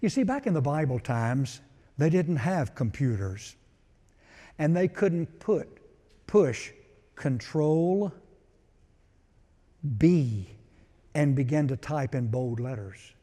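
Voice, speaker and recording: A male pastor preaching a sermon, emphatic, swelling to loud declarations and then dropping low. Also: big pitch swings, slow, long pauses. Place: church sanctuary. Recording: long reverb of a large hall.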